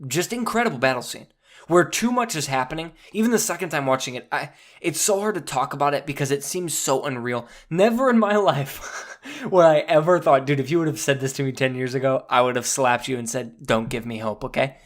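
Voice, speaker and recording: A man hosting a podcast, excitedly recapping a movie in casual chat, swearing and saying "dude" a lot. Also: a little high, a little fast. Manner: animated, swears freely, says "dude" often. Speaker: podcast host.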